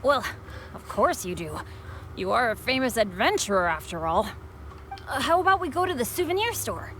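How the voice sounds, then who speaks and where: A woman with a fairly high, sing-song voice speaks at a moderate pace as a game character, a cheerful, self-deprecating teenage boy adventurer who is eager and bouncy. The game audio has loud background music and a little hiss or hum.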